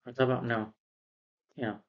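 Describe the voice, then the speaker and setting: A man gives a casual spoken film review, rambling loosely and circling back to repeat himself while retelling the plot. His middle-pitched voice stays level at a moderate pace, and the recording sounds dull, muffled, and lo-fi.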